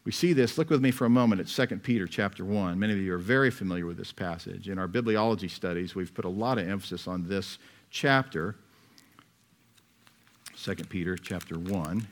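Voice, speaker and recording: A man's voice: low voice, a little fast. Conversational male pastor preaching. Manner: conversational preaching with rhetorical questions and asides. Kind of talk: expository sermon.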